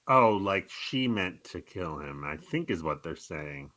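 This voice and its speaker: A man's voice: low-pitched, lively intonation, a little slow, sharp tone, dry recording. A man co-hosting a podcast in casual chat, joking and laughing as he riffs on a movie. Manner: joking, acts out quoted voices, laughs. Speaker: podcast co-host.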